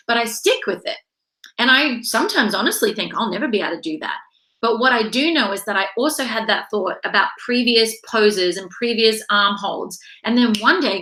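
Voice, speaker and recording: A woman in her thirties delivers a motivational talk with a bright, forceful voice pitched a little high. She talks emphatically and slips into quoted voices to make her point. The room around her has a roomy echo. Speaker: mindset coach. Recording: echoey room.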